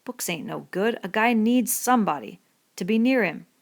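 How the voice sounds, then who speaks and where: A woman's voice: mid-range voice, lively intonation, normal speed, voice pushed up. Woman reading as a bitter, lonely stable hand. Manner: rough rural dialect, brooding and needling. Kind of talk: audiobook reading.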